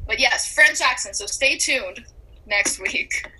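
A young woman co-hosting a podcast in casual chat, giggly and gushing with excitement. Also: a little high, slow, slight background noise, rough recording. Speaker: podcast co-host.

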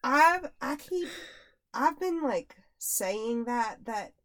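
Animated young woman telling family stories. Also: high-pitched, drawn-out words. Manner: animated storytelling, laughs often. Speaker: podcast co-host, mother. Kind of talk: casual chat.

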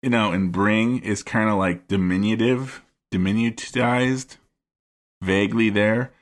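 A man co-hosting a podcast about a film, talking in an analytical way and often pausing to search for words. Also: fairly low pitch, fairly even intonation. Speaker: podcast co-host. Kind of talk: casual film-discussion chat.

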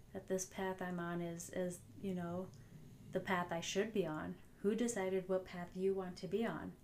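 A woman's voice: mid-range voice, darkish tone, slight background noise. A woman hosting a solo motivational podcast, earnest and reflective, often repeating phrases for emphasis. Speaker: podcast host.

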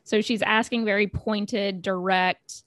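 Woman, podcast co-host, very unhurried pace, dry studio sound, measured summaries. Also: mid-range voice, fairly even intonation, fairly bright tone, no echo. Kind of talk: casual recap chat.

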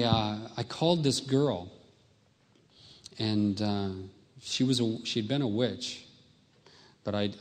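Male speaker, testimony talk, animated storyteller, long hall reverb. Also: medium pitch. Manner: storytelling, acts out his past self in raised voice.

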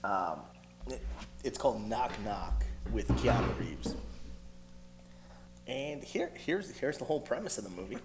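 A man's voice: mid-range voice, big pitch swings, unhurried, pauses often, over loud music. A man telling a rambling movie story in a casual podcast chat, full of fillers and laughing asides.

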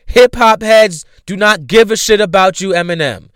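A man's voice: high-pitched, normal speed, fairly bright tone, clean tone, no echo. A man hosting a podcast, ranting bluntly and profanely about music with repeated rhetorical questions. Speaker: podcast host.

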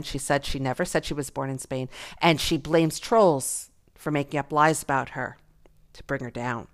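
Animated chatty middle-aged woman. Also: deep voice. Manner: chatty, gossipy, laughs often, animated. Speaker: podcast host. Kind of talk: casual solo podcast monologue.

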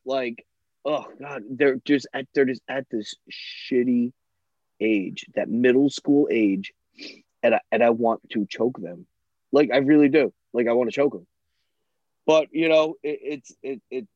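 A man's voice: medium pitch, unhurried, dry recording. Blunt, cursing man on a dull dry track. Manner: blunt, profane, ranting. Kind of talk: casual chat.

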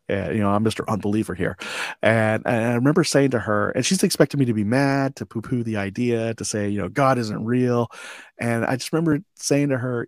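A man in his forties, a veteran guest on an interview show, tells lively anecdotes and acts out the dialogue with frequent chuckles. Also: lowish voice, brisk, no echo, clean studio sound. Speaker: podcast guest, army veteran. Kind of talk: storytelling interview.

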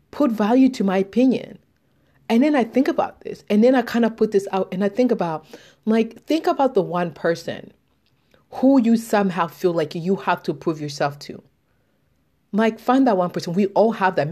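Young woman ranting about self-worth, lots of cussing, lowish warm voice. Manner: profane, fired-up, rising to shouts; reflective, musing. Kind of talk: impassioned self-empowerment monologue.

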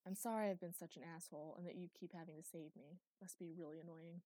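A woman voicing a blunt, guarded young man in an audiobook, speaking low and gently. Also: fairly even intonation, fast, no room sound, lightly acted. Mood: gentle.

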